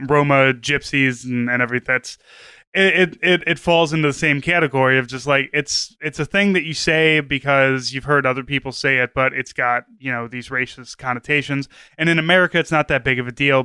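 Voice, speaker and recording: A man's voice: medium pitch, steady tone, a little fast, bright, forceful tone, smooth, no room sound. A man co-hosting a podcast, talking in an earnest, rambling way full of fillers. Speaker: podcast co-host. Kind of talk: casual podcast chat.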